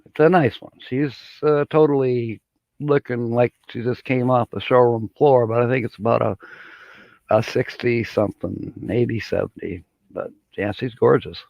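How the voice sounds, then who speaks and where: A middle-aged Michigan man chats casually on his live stream, folksy and rambling, chuckling often between thoughts. His gravelly, ordinary-pitched voice stays steady at a measured pace. The audio is dry, a little dull and echo-free, like a basic home computer mic.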